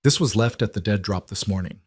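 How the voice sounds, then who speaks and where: A man voicing a dangerous male mafia boss who speaks in a cold, even, threatening way. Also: fairly low pitch, brisk, breathy edge, dry recording, studio quality. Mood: menacing.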